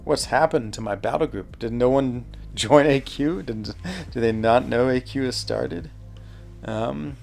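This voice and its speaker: A man's voice: mid-range voice, measured pace, creaky, darkish tone, soft background music. A man chatting casually while streaming a mobile game, thinking aloud, answering chat and laughing easily. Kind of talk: casual live gameplay commentary.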